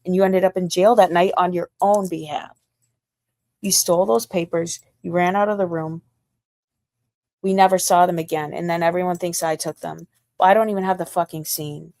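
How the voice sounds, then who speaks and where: A woman's voice: lowish voice, fairly even intonation, moderate pace, darkish tone, dry recording. A young American woman livestreaming, ranting in a rambling, heated and profane way. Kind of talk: casual livestream rant.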